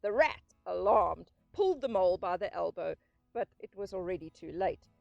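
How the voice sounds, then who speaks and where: Expressive woman reading a storybook. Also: lowish voice, normal speed, vocal fry, no room sound, highs cut off, soft background music. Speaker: audiobook narrator.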